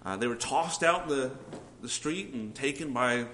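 A man's voice: mid-range voice, lively intonation, normal speed, bright, forceful tone, a little hiss or hum, low-quality recording. A man preaching a sermon, earnestly putting questions to his listeners. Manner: earnest, asks the congregation questions.

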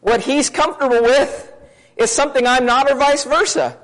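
A man preaching a sermon to his congregation, talking fast in a conversational way and asking many questions. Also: very high voice, fairly bright tone, rough recording.

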